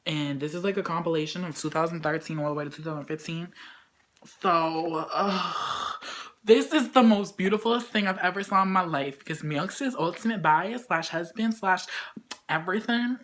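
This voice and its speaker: A young woman vlogging at home, talking slowly with a lively, swooping voice. She gushes like an excited fan, jumping from squeals to hushed whispers. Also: on the low side. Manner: gushing, squealing fangirl, swings between shrieks and whispers. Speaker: vlogger unboxing a photobook. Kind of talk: excited casual unboxing vlog.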